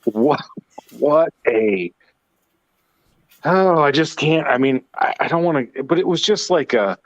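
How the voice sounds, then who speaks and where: A man's voice: a little high, expressive, a little slow, no echo. Man on dull, dry lo-fi audio. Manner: chatty, frequent restarts. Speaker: co-host. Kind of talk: casual chat.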